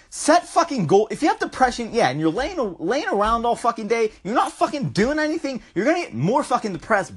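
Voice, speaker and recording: A man's voice: high voice, fairly bright tone, breathy edge. A man delivering an impassioned, swear-filled ranting monologue, constantly saying bro and dude. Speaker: vlogger.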